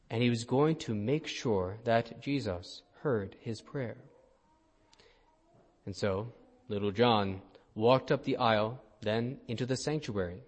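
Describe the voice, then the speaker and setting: A man, a priest, giving a sermon and telling a story in a gentle way. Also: mid-range voice. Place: church. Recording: long church reverb.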